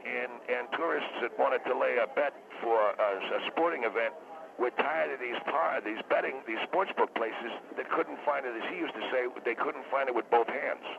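A man's voice: medium pitch, moderate pace. A man from Las Vegas calling in to a radio show, hesitant and full of restarts. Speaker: caller. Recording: gravelly tinny phone line with hiss.

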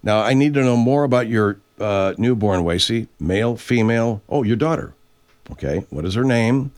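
A man's voice: medium pitch, expressive, moderate pace, a little mellow, clear, resonant tone. Profane rambling older man hosting a chat. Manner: rambling, profane, reads names and messages aloud. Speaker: host. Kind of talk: casual live chat show, reading viewer comments. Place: home studio.

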